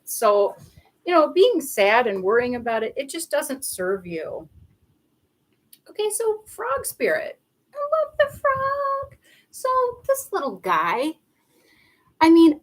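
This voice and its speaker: A young woman reads tarot cards live and chats along. Her voice is bubbly and giggly. It swoops up and down a lot, sits on the high side, and she rambles happily between cards. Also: rough recording. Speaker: tarot reader. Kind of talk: live tarot reading with chatty asides.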